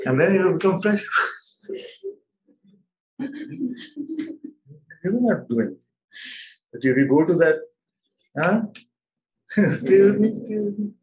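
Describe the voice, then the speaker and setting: A man leading a spiritual satsang over an online call, speaking gently and slowly with frequent laughter. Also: sits high, animated, rough recording. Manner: gentle, slow and playful, laughs often. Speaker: spiritual teacher. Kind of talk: satsang talk. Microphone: video call.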